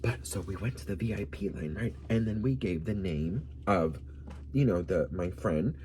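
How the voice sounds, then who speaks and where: A man's voice: deep voice, expressive, moderate pace, mellow, slight background noise. A man of Colombian background from Miami, telling a gossipy story in a sassy, campy vlog style and calling the viewer "girl.". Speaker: vlogger.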